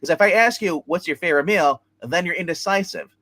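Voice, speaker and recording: A man co-hosting a casual TV review chat, excitedly retelling scenes with lots of fillers. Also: fairly high pitch, brisk, no room sound. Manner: animated retelling, acting out scenes, many fillers. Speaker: co-host reviewing a TV episode.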